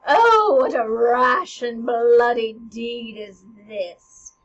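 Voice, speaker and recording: A woman voicing a frantic middle-aged queen who wails in high, drawn-out cries. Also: big pitch swings, highs cut off, full character voice. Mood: horrified. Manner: high, drawn-out, distant wailing.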